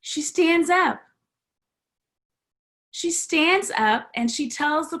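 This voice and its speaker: Slow, bright-voiced woman telling a sermon story. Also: high voice, animated. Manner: dramatic storytelling, acts out voices, drops to whispers. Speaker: guest preacher. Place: church sanctuary.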